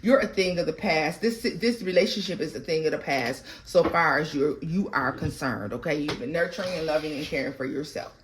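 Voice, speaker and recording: A woman giving a tarot card reading in a blunt, profane way, swinging between loud outbursts and quiet murmurs. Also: sits low, brisk, hardly any pauses, noisy background. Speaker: tarot reader.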